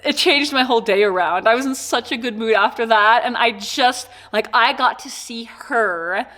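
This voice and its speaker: A woman with a somewhat high voice chats through an unboxing. She is bubbly and giggly and rambles with lots of filler words. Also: normal speed, fairly bright tone. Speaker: corset maker and vlogger. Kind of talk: casual unboxing chat.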